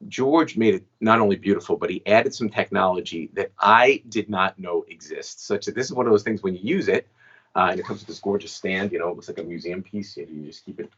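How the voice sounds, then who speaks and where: Man in his fifties with a low-pitched voice, telling a long story in an easy, chatty way and checking in with "right?" as he goes. His voice comes through a dull, lo-fi recording. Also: brisk, fairly bright tone, breathy edge. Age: 50s. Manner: chatty, frequent "right?" asides. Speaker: guest magician and inventor. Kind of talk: storytelling interview answers.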